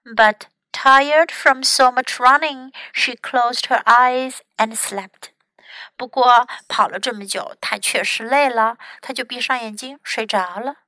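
A woman English teacher narrating a children's story bilingually, clear and teacherly. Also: a little high, slow, pushed and bright, no room sound, low-quality recording.

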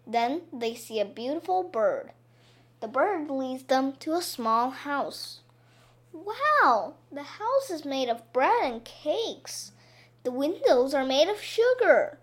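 A woman narrating a children's story in a clear, expressive way, made simple for learners. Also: sits high.

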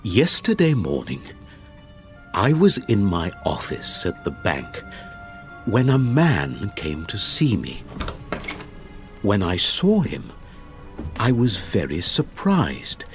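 A man voicing an anxious middle-aged banker in an audiobook, speaking quietly and hesitantly. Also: on the low side, huge pitch swings, takes it slowly, long pauses, soft background music, heavily acted.

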